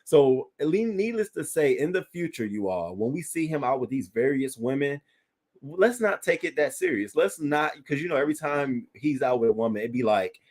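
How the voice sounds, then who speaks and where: A man's voice: mid-range voice, animated, normal speed, a little mellow. Blunt, cussing male stream host. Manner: blunt and profane, talks straight to viewers. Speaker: livestream host reading viewer chat. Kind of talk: casual celebrity news commentary.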